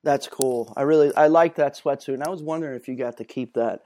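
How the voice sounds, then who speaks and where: A man's voice: medium pitch, fast, mellow. A man hosting an interview, asking a sports broadcaster casual, chatty questions. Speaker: interviewer, host.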